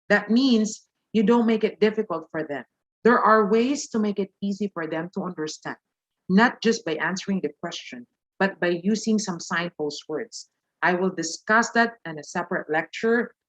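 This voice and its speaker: A woman's voice: mid-range voice, dull audio. A woman from the Philippines with a Filipino accent, teaching a live online speaking lesson and pressing each point with a questioning "okay?".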